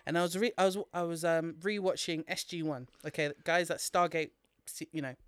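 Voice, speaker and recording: A speaker, co-hosting a casual podcast and retelling a film in an animated way, laughing often and swearing freely. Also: medium pitch, fairly quick, smooth, no room sound. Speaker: podcast co-host.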